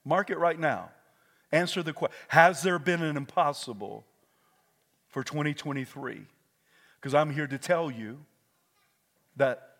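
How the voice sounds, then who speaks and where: A male pastor preaching a fervent sermon, moving between hushed talk and shouts and calling on the congregation to repeat after him. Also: on the high side, a little slow, pauses often, big-room sound. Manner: calls on the congregation to repeat words. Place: church sanctuary.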